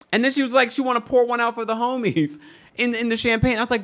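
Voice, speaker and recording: Brisk and a bit bright, his voice sitting high, the livestream host chats and gossips about the reality show, laughing frequently as he reads out comments from viewers.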